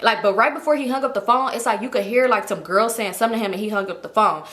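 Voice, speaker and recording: A woman vlogger telling a story to her viewers in a lively, slangy way, acting out each quote. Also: mid-range voice, fast talker. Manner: animated, slangy, acts out every quote.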